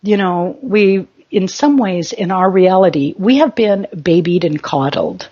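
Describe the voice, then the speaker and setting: A woman's voice: on the low side, animated, a little slow, mellow, muffled recording. A woman spiritual teacher giving an emphatic motivational talk in short, exhorting commands.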